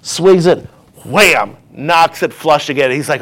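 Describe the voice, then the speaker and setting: High-voiced man preaching a sermon. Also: slow pace, a bit bright. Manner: storytelling, call-and-response asides. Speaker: pastor.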